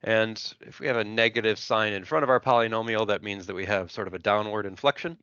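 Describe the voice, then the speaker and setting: A man's voice: lowish voice, fairly even intonation, fast, bright, forceful tone, smooth, dry recording, highs cut off. A man teaching engineering in a lecture, working step by step through an example and thinking aloud as he sketches. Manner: methodical, thinks aloud while sketching, frequent "right?" and "so". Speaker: engineering instructor.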